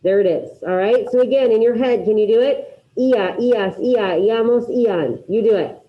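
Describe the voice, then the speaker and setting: A woman teaching a class, drilling her students through repetition and quizzing them with quick questions in an upbeat way. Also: on the high side, muffled recording. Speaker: Spanish teacher. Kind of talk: classroom grammar lesson.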